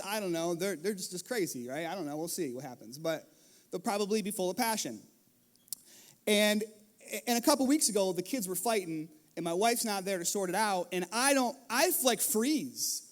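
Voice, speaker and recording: A middle-aged man, a pastor, preaching a sermon in a lively storytelling manner, acting out scenes from his family life. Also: high voice. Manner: animated storytelling, acts out his kids and himself. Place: church stage.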